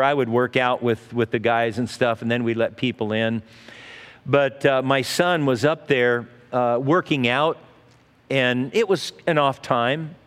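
A man's voice: mid-range voice, a bit bright, in a large hall. A middle-aged man preaching a sermon as pastor, in a folksy, conversational way with asides and restarts.

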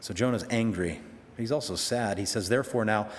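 A man preaching a sermon, animated, acting out quoted prayers with sudden leaps in pitch. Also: a little fast, slight background noise. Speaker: pastor. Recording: long hall reverb.

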